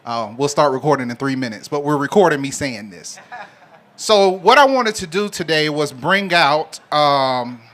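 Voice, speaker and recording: A man's voice: fairly high pitch, big pitch swings, normal speed, fairly bright tone. Joking man hosting a crowd. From Alabama. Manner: joking, teasing, conversational. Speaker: host. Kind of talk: live show hosting, bantering with the audience. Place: live event venue with an audience.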